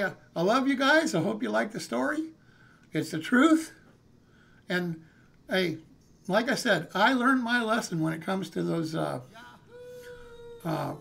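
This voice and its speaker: Folksy older man, gravelly and high. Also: bright, forceful tone. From California, USA. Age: 60s. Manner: folksy, rambling, calls listeners "man" and "hey". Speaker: live streamer. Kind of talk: casual storytelling.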